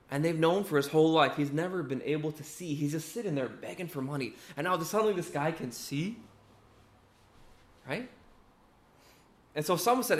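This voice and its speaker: A young man giving a casual, conversational sermon, often checking in with "right?" and acting out what people said. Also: on the high side. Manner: conversational, keeps asking "right?", acts out quotes. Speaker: preacher. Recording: echoey room.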